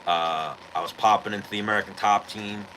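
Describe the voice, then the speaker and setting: A man hosting a podcast, telling a rough story in a low, forceful, bright voice. He is profane and animated, with a faint hiss of noise behind him. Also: brisk, poor audio. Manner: profane, animated retelling of a street fight. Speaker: podcast host. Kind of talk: casual storytelling.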